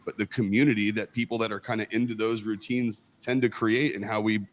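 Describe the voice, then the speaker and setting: A man's voice: lowish voice, little pitch movement. A man co-hosting a livestream, talking casually and often restarting his words. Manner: halting, repeats words when thinking aloud. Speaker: co-host. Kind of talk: livestream chat.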